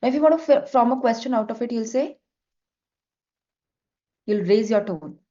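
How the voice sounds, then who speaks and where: A middle-aged woman teaches a French lesson over a video call, explaining each point patiently and switching easily between English and French. Her voice is mellow and a bit dark. The call audio sounds slightly dull. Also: a little high, moderate pace. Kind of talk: online class teaching.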